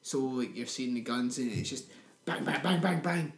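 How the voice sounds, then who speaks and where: A man's voice: mid-range voice, normal speed, vocal fry. A man, co-hosting a podcast and trading crude jokes in casual film-review chat. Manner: crude, joking banter. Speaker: podcast co-host. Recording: roomy echo.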